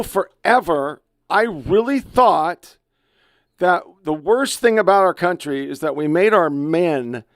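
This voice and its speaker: Profane, heated older podcast host. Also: male voice, a little high, no room sound, studio quality. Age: 50s. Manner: blunt, profane, heated ranting. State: emotional. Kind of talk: podcast commentary on online clips.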